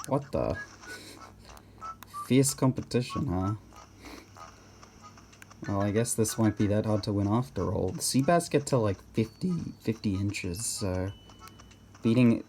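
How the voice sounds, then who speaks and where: A man's voice: lowish voice, takes it slowly, long pauses, darkish tone, slight background noise. A man giving casual gameplay commentary, rambling and hesitant with many restarts.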